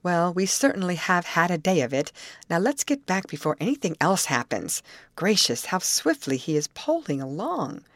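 A woman reading the part of an impulsive, excitable young woman who speaks in quick exclamations. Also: lowish voice, no echo, studio quality. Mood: excited.

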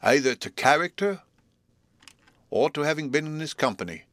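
A man voicing a nervous, slow-witted male go-between with a stuffy head cold, talking hesitantly and humbly. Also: on the high side, animated, a bit bright, no room sound, voice pushed up. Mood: nervous humble.

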